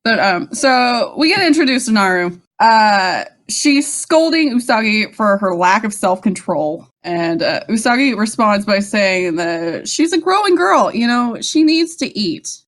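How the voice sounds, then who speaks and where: A woman's voice: medium pitch, lively intonation, measured pace, few pauses. A woman co-hosting a casual podcast, recapping an episode with frequent laughs and swearing. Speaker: podcast co-host. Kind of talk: casual rewatch chat.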